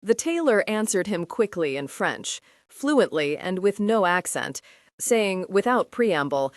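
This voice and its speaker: A woman narrating an audiobook in an even, measured way. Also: mid-range voice, no room sound, studio quality, distant mic. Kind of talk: scripted narration.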